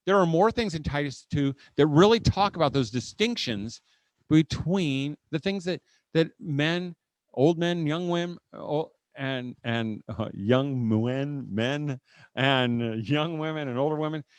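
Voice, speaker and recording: A middle-aged man speaking at a homeschool conference before a live audience. He tells stories with humor and quick asides, often restarting his sentences, and ends by leading a prayer. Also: fairly high pitch, no room sound. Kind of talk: live seminar talk with humor, closing in prayer.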